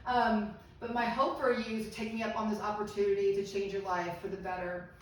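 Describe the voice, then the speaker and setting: A woman's voice: medium pitch, little pitch movement, brisk. A middle-aged woman giving a live health seminar, earnest and encouraging, asking the audience questions. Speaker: medical seminar presenter. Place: seminar room. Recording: echoey room from far off, faint noise.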